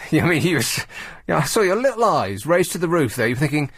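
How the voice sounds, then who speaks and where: Sardonic male radio host, lively delivery. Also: a little high, normal speed, husky, no echo. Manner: sardonic, mocking, rambling asides. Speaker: radio talk show host. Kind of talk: late-night radio monologue. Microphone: studio microphone.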